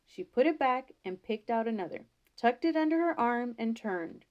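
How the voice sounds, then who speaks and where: A woman storyteller, telling a folktale in an expressive, homey way in a school library. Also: fairly high pitch, normal speed, hardly any pauses, dull audio.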